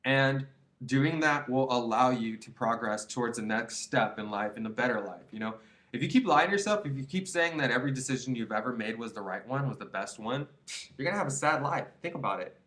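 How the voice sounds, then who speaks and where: A young man in his twenties talks straight to the camera in a casual vlog, giving advice. He rambles and preaches in earnest, often stops to restart his sentences and tags them with "you know?" His pitch sits in an ordinary middle range for a man. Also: expressive, a little fast, fairly bright tone. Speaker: vlogger.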